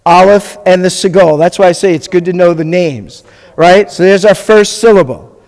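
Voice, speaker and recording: Leading a Hebrew lesson as a rabbi, a man patiently spells things out and keeps checking in with the students in his live class, held in a classroom or hall. His voice sits high and a little mellow, at normal speed, with a long reverb tail.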